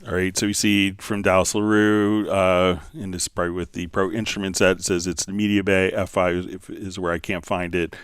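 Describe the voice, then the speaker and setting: A man hosting a live software tutorial, answering viewer questions and thinking aloud as he clicks through menus. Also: low voice, little pitch movement, brisk, few pauses, smooth, no room sound, studio quality. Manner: thinking aloud, many fillers.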